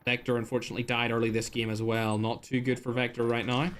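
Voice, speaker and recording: A young man giving live esports commentary as a streamer, excitable and full of exclamations, chatting with his viewers as he calls the action. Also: medium pitch, fast talker, noisy background. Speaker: streamer casting a mobile shooter tournament.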